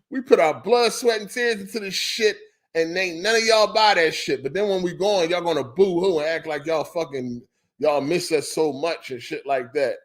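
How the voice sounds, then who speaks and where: Guy ranting on his gaming podcast, headset mic, cussing a lot, voice a bit on the high side. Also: normal speed. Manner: profane, ranting, repeats himself. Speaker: podcast host. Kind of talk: casual livestream chat.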